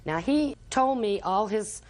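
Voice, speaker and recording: A woman's voice: medium pitch, animated, measured pace. An older grandmother testifies in a TV courtroom, rambling through a long family story in an everyday voice. She slips into the quoted words of each person she mentions as she goes. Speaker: litigant, grandmother.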